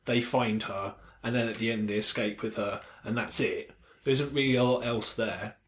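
A man's voice: fairly low pitch, fairly even intonation, normal speed, a little hiss or hum. A man co-hosting a casual film-discussion podcast, chatting in a dry, wry way. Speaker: podcast co-host.

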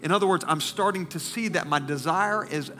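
Impassioned male preacher, tearful and hushed. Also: on the high side, fairly quick, faint music behind. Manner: impassioned preaching that drops to hushed, near-whispered confessions. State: fighting back tears. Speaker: pastor. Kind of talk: sermon.

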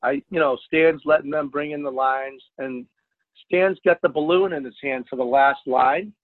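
Man, husky voice, tinny phone line, dry sound, lively storyteller, fairly high voice. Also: normal speed, no room sound. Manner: animated, jumps to loud exclaims when retelling. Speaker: fishing charter captain, guest. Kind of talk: casual storytelling interview.

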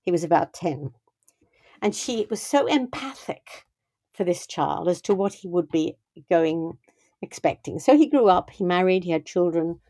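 A woman's voice: lowish voice, lively intonation, moderate pace, mellow, no echo, clean studio sound. An older woman talking through parenting, telling a family story in a thoughtful, conversational way with frequent restarts. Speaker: guest speaking on parenting.

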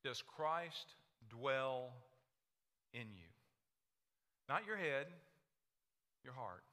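A man preaching a sermon, impassioned, swinging between hushed, intimate lines and loud, urging ones. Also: medium pitch, big pitch swings, drawn-out words. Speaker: pastor. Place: church sanctuary. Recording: echoey hall reverb.

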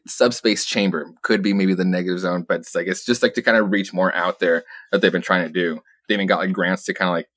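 Deep-voiced young man recapping comics casually. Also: a bit bright, dry recording. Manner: rambling, profane, laughs often, quotes characters in passing. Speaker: podcast co-host.

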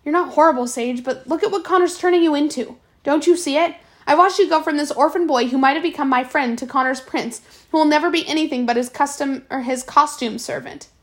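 A woman reading aloud and voicing a proud teenage servant girl who speaks in a sharp, accusing, hurt way. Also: sits high, fairly quick, pitched above the performer's own voice, natural voice. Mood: disappointed.

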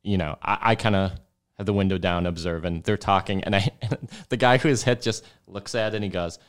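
A man's voice: low voice, fairly even intonation, fairly quick, clear, resonant tone. A man, a podcast host, telling a funny story and laughing as he goes. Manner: laughs through his own punchline. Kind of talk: casual storytelling.

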